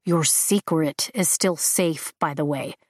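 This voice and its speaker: Lady doing an older bearded rider guy, dry, matter of fact, low-ish, dead dry room. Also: slow pace, dry recording.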